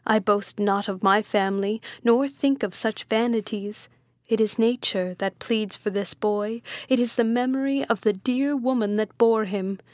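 Woman playing a devout old friar, begging and emotional, slow storybook delivery, dry sound. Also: fairly high pitch, a little mellow, no room sound, lightly acted. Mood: pleading. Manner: pleading, emotional, raised voice. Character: old male friar, pleading father, devout.

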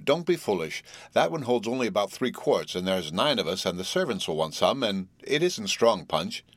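A man's voice: lowish voice, big pitch swings, normal speed, no room sound. A man playing a jovial, slightly tipsy middle-aged businessman who talks in a hearty, coaxing, stubborn way.

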